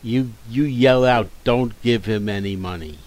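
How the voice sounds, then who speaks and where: A man's voice: mid-range voice, unhurried, darkish tone. A man hosting a radio talk show, repeating words and restarting lines as he talks. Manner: repeats himself, stammering restarts. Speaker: radio host. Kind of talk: casual radio chat.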